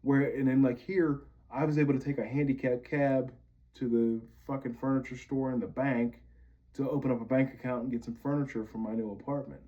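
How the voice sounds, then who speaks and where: A man's voice: mid-range voice, steady tone, fairly quick, highs cut off. A man from Pennsylvania venting bitterly to camera, swearing often as he rants. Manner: bitter, profane ranting. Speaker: vlogger.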